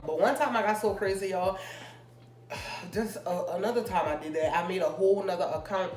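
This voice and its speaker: A young woman vlogger telling a personal story in casual, rambling chat full of fillers. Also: mid-range voice. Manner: chatty, rambling, drawn-out fillers. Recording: echoey room with faint music.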